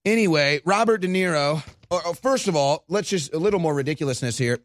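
A man hosting a political commentary show, excitable and mocking, often breaking into laughter. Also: a little high, brisk, no echo, clean studio sound. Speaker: host.

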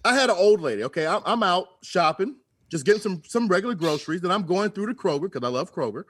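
A man's voice: high-pitched, lively intonation, quick pace, a bit bright, slightly rough. A man who is a regular on a radio show, ranting in a profane, comic way during casual podcast chat.

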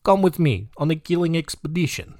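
A man's voice: a little high, expressive, brisk, darkish tone, dry recording, voice pushed up, natural voice. A hammy young Russian killer voiced by a man growls his threats in an exaggerated fake Russian accent. The timbre sits apart from the man's everyday voice, and the recording is dry and close. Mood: mock-menacing. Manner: hammy, mock-menacing, comic. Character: mocking young Russian male killer, menacing.

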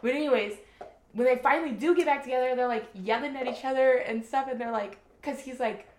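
A young woman with a somewhat high voice gushes through a book recap on a casual podcast. She swears freely and fills her sentences with "like." The sound is roomy and echoey. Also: brisk, slight background noise. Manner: animated storyteller, swears freely, says "like" often. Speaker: podcast co-host. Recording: roomy echo.

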